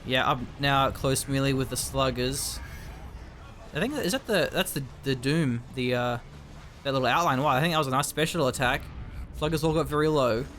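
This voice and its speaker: A man's voice: mid-range voice, normal speed, fairly bright tone, a little hiss or hum. A man commentating a strategy video game in a casual, chatty way, often trailing off and restarting.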